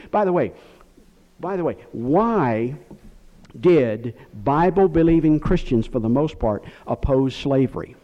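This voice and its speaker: A man's voice: mid-range voice, lively intonation, a little slow. A man teaching a Bible lesson in sermon style, emphatic and full of rhetorical questions. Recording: dull lo-fi recording.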